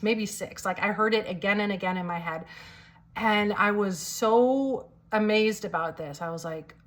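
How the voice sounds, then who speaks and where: A woman's voice: mid-range voice, a bit bright. Chatty woman with a slight cold. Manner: chatty, many "like" fillers, acts out quoted lines. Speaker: storyteller sharing a testimony. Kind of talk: casual personal storytelling.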